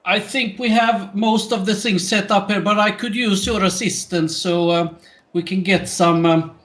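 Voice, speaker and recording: A man with a put-on Swedish accent, playing a colony doctor in a tabletop role-play game, speaking haltingly with many fillers. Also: high voice, steady tone, a bit bright. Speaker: player voicing a colony doctor.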